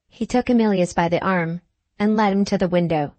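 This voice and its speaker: A woman reading a classic novel aloud as an audiobook narrator, in a measured, dramatic manner. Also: mid-range voice, darkish tone, dry recording. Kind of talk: scripted narration.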